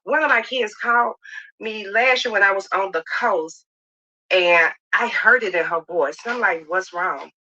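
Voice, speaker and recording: Bright emphatic middle-aged woman, lo-fi. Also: mid-range voice. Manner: emphatic, rapid, heartfelt. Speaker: reality show cast member. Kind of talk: emotional personal storytelling. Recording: dull lo-fi clip audio.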